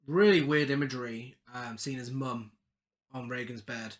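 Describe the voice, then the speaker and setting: A man's voice: mid-range voice, fairly even intonation, moderate pace. A man co-hosting a podcast, recapping a film's plot with laughing asides in casual chat. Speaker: podcast co-host.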